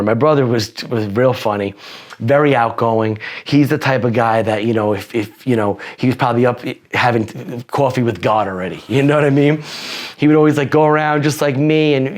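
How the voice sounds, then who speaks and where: A man in his forties, a podcast guest telling personal stories in a rambling, profane way with many restarts. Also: medium pitch. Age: 40s. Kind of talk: casual interview storytelling.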